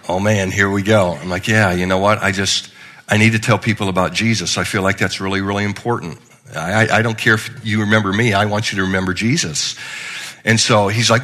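A man's voice: medium pitch, a little fast, sharp tone. A middle-aged male pastor giving a conversational, joking sermon with frequent restarts.

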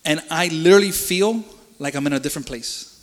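A man's voice: a little high, fairly quick. A man giving an emotional personal faith testimony in casual, earnest speech, often repeating words. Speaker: church member giving a testimony. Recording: reverberant hall.

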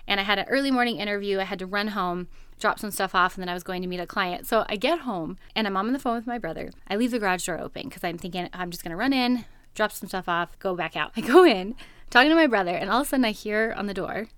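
A woman hosting a podcast, telling a personal story in a casual, animated way and laughing often. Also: mid-range voice, fast talker, clean tone, dry recording.

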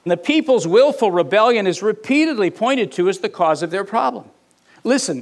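Animated high-voiced male preacher. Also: moderate pace, vocal fry. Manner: animated, mock-indignant asides, reads scripture aloud. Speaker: pastor. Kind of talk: sermon.

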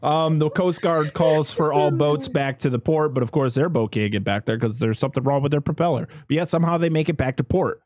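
A man co-hosting a casual movie recap, talking animatedly and yelling out character lines. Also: a little fast, few pauses, no echo. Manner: animated, mimics characters with loud high yells. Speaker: podcast co-host recapping a movie. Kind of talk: casual chat.

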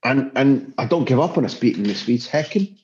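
A man's voice: medium pitch, expressive, a little fast, darkish tone. A football journalist speaking as a podcast guest, passionate and emphatic, often restarting his sentences. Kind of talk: podcast interview. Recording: dull lo-fi sound.

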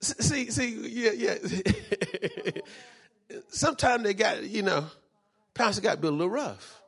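A man's voice: high voice, animated, measured pace, creaky, a bit bright, husky. A man preaching a sermon as pastor, fervent and repetitive, dropping in frequent amens.

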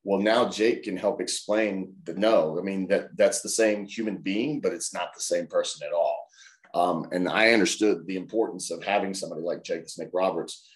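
Low-voiced man telling animated stories. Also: moderate pace, echoey room. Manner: animated, acts out voices in anecdotes. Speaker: guest. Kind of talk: casual storytelling in an interview.

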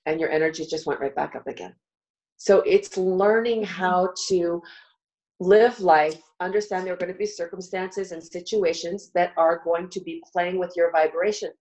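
Middle-aged woman, live-show guest, coaching warmly step by step, slightly low voice. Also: moderate pace, low-quality recording. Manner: earnest coaching, walks listener through steps. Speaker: guest speaker. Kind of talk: live talk show teaching.

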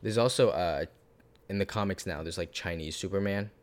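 A man co-hosting a podcast, rambling and animated in casual chat, swearing now and then. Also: low-pitched, normal speed. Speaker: podcast co-host.

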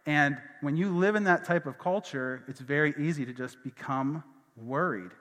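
A man's voice: fairly high pitch, normal speed, a bit bright. A man preaching a sermon as pastor, telling personal stories in a loose, conversational way full of fillers and asides. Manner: casual storytelling with fillers and asides. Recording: long hall reverb.

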